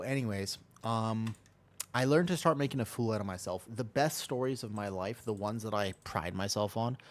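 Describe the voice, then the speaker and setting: A young man streaming a game, telling stories in a rambling, repetitive way while he plays. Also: fairly low pitch. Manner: rambling, self-interrupting storyteller, repeats himself. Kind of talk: casual gaming stream chat.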